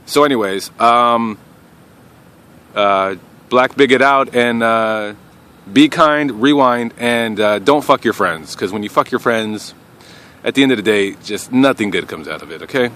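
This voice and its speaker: A young man telling a crude personal story to camera in a casual, rambling way, often trailing off quietly. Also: mid-range voice, unhurried. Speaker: vlogger.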